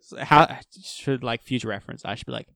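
A man's voice: mid-range voice, brisk, creaky, bright, forceful tone, dry recording. Young male co-host; playful, jokey, clueless sidekick energy, dry mic. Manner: goofy, joking, playfully clueless. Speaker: podcast co-host. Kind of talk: casual podcast chat.

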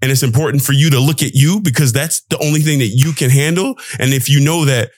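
Young male podcaster, mid-pitched, loose motivational rambler, dry close sound. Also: fast talker, no echo. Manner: rambling, emphatic, swears for emphasis. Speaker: podcast host. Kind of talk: casual motivational monologue.

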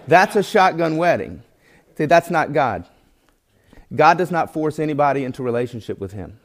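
A man's voice: mid-range voice, animated, a little fast. Man teaching a sermon. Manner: earnest, reads scripture aloud and tells folksy illustrations. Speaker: Bible teacher.

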